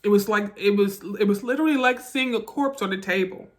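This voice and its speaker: A woman vlogger telling a personal story, halting and emotional, with restarts and quick bursts that trail off softly. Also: mid-range voice. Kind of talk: storytime vlog.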